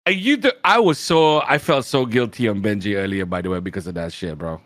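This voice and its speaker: Lively young man, dry close sound. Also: fairly low pitch, a little fast, no room sound. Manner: excitable, teasing, slangy. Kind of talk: casual out-of-character chat.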